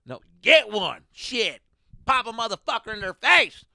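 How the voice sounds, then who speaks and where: A man voicing a brash, gun-loving Texan driver who boasts loudly and swears. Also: sits high, sing-song, unhurried, vocal fry, no room sound, studio quality, voice pushed up, exaggerated voice. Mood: boastful. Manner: loud, boastful, profane.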